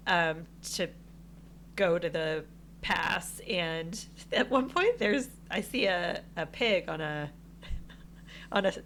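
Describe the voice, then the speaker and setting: A woman co-hosting a podcast, telling a travel story in casual chat, animated and laughing often. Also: lowish voice, slow, long pauses, slight background noise. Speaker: podcast co-host.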